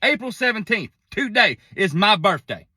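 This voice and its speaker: High, bright-voiced man telling a story. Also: normal speed, husky, no room sound, studio quality. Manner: animated, profane, folksy storytelling. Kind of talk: casual storytelling monologue.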